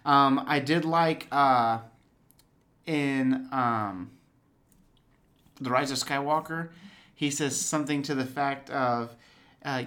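Man, podcast co-host, casual chat, playful, mid-pitched. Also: fairly bright tone. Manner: chatty, does quick goofy impressions. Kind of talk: casual chat about films.

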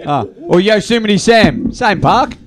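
A man's voice: high voice, animated, measured pace. An Australian man in a casual chat, cracking jokes and throwing in puns.

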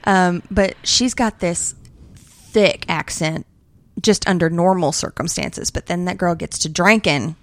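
A woman's voice: on the low side, unhurried, no room sound. A young woman with a light Southern American accent, chatting casually and telling stories with lots of laughter. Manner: giggly, animated storyteller. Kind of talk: casual chat.

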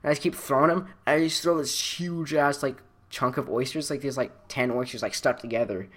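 A young man in casual conversation with an ordinary, mid-height pitch. He rambles through work stories with loose fillers and restarts, often breaking into laughter. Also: a little fast. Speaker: storyteller. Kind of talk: casual chat.

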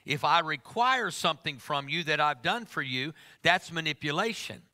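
A man's voice: fairly high pitch, animated, normal speed, pushed and bright. A middle-aged man preaching a sermon to a congregation, emphatic and humorous, teasing his listeners.

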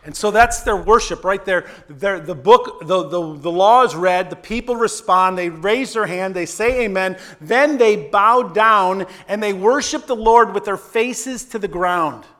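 A man preaching a sermon, energetic and conversational, tossing in quick asides and dropping soft on quoted prayers. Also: sits high. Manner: conversational asides with repeated "right?". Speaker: pastor.

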